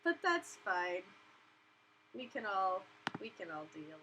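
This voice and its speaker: A woman's voice: medium pitch, very animated, slow, background noise. A young woman hosting a casual live stream from her bedroom, chatty and giggly, talking through her webcam mic. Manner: chatty, giggly, acts out voices of others in quotes.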